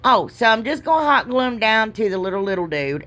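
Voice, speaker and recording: A woman's voice: a little high, big pitch swings, a little fast, fairly bright tone. A middle-aged woman, rambling and joking at herself as she narrates a craft project with folksy exclamations. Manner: chatty, rambling, self-deprecating, folksy exclamations. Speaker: craft video host. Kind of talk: casual crafting voice-over.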